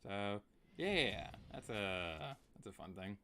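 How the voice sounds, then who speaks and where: A man's voice: lowish voice, lively intonation, slow, bright, forceful tone, clear, resonant tone. A young man chatting casually and playfully while streaming a video game, humming and singing along now and then. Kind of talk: casual gameplay commentary.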